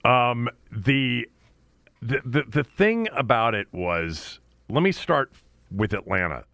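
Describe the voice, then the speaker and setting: A man's voice: medium pitch, sing-song, slow pace, gravelly, bright, forceful tone, dry recording, clean studio sound. A man co-hosting a casual sports talk show, blunt and opinionated, cursing freely and restarting his sentences often. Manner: blunt, swears, many restarts. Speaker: podcast co-host.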